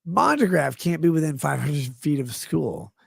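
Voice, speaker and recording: A man's voice: fairly high pitch, lively intonation, normal speed, gravelly, a bit bright, husky, dry recording. A man hosting a livestream, reading chat messages aloud and rambling in a profane, jokey way. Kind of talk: casual rambling stream chat.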